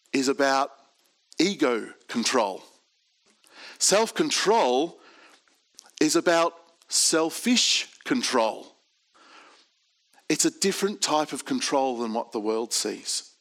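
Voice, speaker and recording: A man preaching a sermon, reading scripture aloud and stressing key words in a deliberate way. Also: on the high side, a bit bright.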